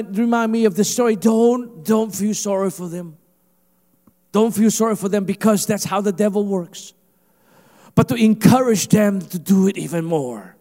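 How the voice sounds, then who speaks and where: High-voiced pastor guy preaching, gets emphatic, big echoey church hall. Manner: animated, rising to emphatic preaching with mimicked asides. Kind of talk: sermon.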